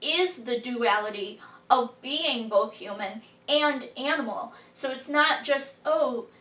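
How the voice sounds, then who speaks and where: A woman's voice: sits high, slow pace. A woman on a podcast panel, animatedly arguing her view of a film in casual discussion. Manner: animated, expressive, argues her reading of the film. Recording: roomy room, distant mic.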